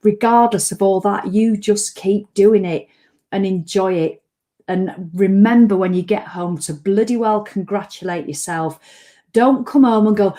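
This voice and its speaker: A woman speaks straight to her followers on a live stream, cheering them on with plain, heartfelt encouragement. Her voice sits mellow and dark in tone, and she drops the odd casual swear word as she motivates. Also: mid-range voice, a little slow. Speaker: fitness coach hosting a live stream.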